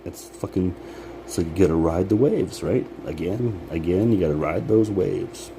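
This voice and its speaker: Low-voiced man rambling, laughing, swearing. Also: moderate pace. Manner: rambling, profane, laughs often. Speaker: vlogger. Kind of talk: casual motivational monologue. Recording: background noise, air conditioning hum.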